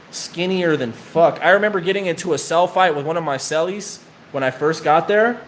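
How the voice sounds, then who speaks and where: A man with a slightly high voice casually tells rambling, profane prison stories full of slang while his friend draws on him during a tattoo session. There's a little hiss or hum in the recording.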